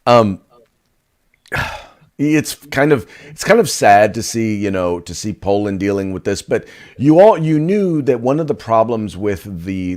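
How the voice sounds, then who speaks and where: Man, low voice, co-host, political talk, halting, fillers. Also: a little mellow. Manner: halting, searching for words.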